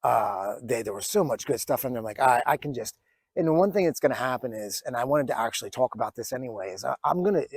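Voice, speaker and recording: A man in his forties speaking at a middle pitch in a reflective personal vlog. His talk is earnest and full of fillers and restarts, and at times he is close to tears. The recording is dry and close. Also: expressive, fast, husky, no room sound. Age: 40s. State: emotional, near tears at times. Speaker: vlogger.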